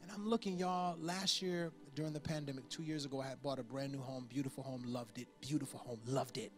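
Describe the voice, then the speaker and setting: A pastor in his forties delivering a sermon, telling a personal story with lively impressions of the people in it. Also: mid-range voice, fairly quick, soft background music. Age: 40s. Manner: storytelling with animated impressions and laughter.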